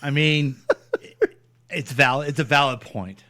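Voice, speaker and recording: A man's voice: medium pitch, slow, bright, forceful tone. A man from Missouri co-hosts a talk radio show in a loose, blunt chat. He gets indignant over the clips he plays and laughs often. His voice sits in the middle of a man's range. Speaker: radio co-host. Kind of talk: casual political chat.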